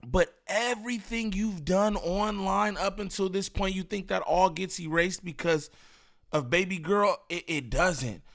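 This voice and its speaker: A man hosting a commentary channel, talking in an animated, rambling, slangy way with lots of repeats. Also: high-pitched, a little slow, creaky. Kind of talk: casual reaction commentary.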